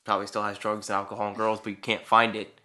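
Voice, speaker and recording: A man's voice: fairly low pitch, completely flat delivery, quick pace, sharp tone. A young man in his late teens chatting casually as a co-host, teasing and sarcastic in his banter. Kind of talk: casual chat.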